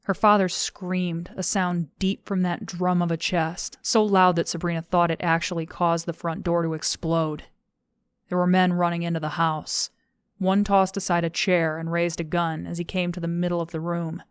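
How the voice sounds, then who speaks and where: Female audiobook narrator, measured and level, smooth clean tone, dry studio sound. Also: fairly low pitch, no room sound. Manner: steady, measured reading. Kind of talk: scripted narration of a thriller novel.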